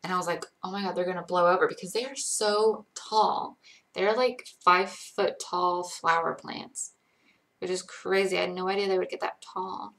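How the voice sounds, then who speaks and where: Woman, 20s, from Georgia, faint Southern accent, livestream host, rambling casual chat, vocal fry. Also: lowish voice, fairly even intonation, unhurried, fairly bright tone. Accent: light Connecticut-tinged American, little Southern. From Georgia, USA. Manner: chatty, rambling, many likes and ums. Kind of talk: casual live chat reading viewer questions.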